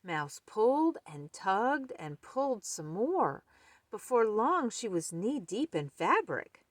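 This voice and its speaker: Slow expressive woman reading a picture book. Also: mid-range voice, dry recording, studio quality. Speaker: storyteller. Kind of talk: children's book read-aloud.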